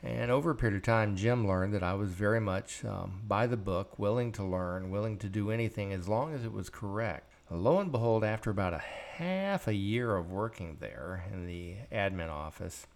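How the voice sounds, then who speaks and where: A man's voice: fairly low pitch, normal speed, vocal fry, hardly any pauses. An older man hosting a podcast, telling stories from his working life in a blunt, profane way and acting out the dialogue. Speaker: podcast host. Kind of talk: storytelling monologue.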